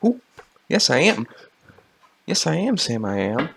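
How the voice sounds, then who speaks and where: Slow, playful man commenting on a game. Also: a little high, big pitch swings, gravelly, noisy background. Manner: playful, joking, prone to sudden exclamations. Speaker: gaming YouTuber. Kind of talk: casual gameplay commentary.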